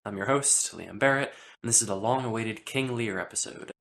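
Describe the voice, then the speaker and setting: A teenage boy hosting a school podcast in an upbeat, chatty way, sometimes speeding up and sometimes slowing down. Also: fairly low pitch, gravelly, fairly bright tone, a little hiss or hum. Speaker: podcast host. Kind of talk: casual podcast chat.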